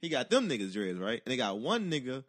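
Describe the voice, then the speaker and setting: A man spins a personal story in loose, profane casual chat. His pitch swings widely as he acts out the voices of the people in it, and his voice sits in an ordinary middle register. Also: very animated, fast, a bit bright.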